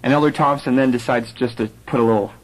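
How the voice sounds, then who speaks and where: A man's voice: mid-range voice, quick pace, low-quality recording. A man telling a personal conversion story to a live audience in a conversational way, with some fillers. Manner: animated storyteller who acts out quoted voices.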